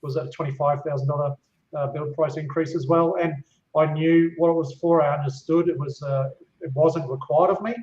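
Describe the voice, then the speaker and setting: A man's voice: on the high side, steady tone, fairly quick, darkish tone, reverberant, dull audio. A man, a property specialist guest, speaking hesitantly with many ums and uhs. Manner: hesitant, filler-heavy. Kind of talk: casual live-stream chat.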